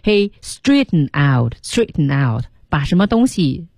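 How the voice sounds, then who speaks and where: Lively low-voiced woman teaching on radio. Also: a little slow, dry recording, studio quality. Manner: animated explaining, drops English words into her talk. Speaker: radio English teacher, host. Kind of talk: bilingual radio lesson. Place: radio studio.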